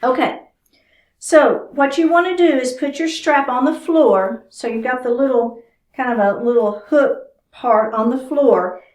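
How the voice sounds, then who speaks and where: A woman's voice: high-pitched, a little slow, a little mellow. A woman teaching a chair yoga class, giving chatty, encouraging cues while doing the stretches herself. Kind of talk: guided exercise class instruction. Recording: roomy echo.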